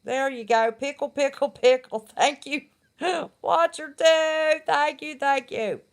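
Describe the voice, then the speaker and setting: Gravelly, laughing woman. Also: high voice, slow. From West Virginia. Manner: chatty, laughs often, blunt. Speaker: live-stream host. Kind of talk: casual live-stream chat.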